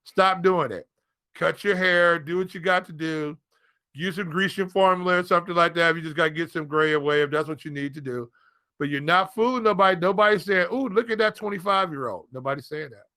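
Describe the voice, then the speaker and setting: A man's voice: a little high, fairly quick, bright, forceful tone, no room sound, studio quality. A man co-hosting a sports podcast, teasing his partner and rambling through a funny story. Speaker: podcast co-host. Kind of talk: casual sports podcast banter.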